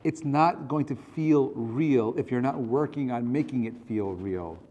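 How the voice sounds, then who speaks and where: A man's voice: mid-range voice, measured pace, warm tone, lo-fi sound. A man, a rabbi, teaching a conversational class in an earnest, direct way. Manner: earnest and direct, acts out quoted dialogue.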